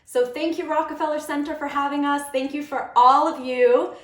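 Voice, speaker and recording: A woman with a fairly high voice gives a friendly puppetry lesson to kids and their parents. She sounds upbeat and encouraging as she explains and demonstrates. Her voice rings in a roomy, echoey space. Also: fairly even intonation, normal speed. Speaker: puppetry teacher.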